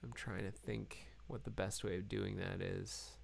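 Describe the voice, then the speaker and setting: A low, gravelly male voice that talks slowly while he codes, stopping and correcting himself as he works things out. He sounds like he is losing his voice, and keys clicking can be heard behind him. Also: little pitch movement. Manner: halting, full of fillers and self-corrections. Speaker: programmer live-coding host. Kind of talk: thinking aloud while live coding.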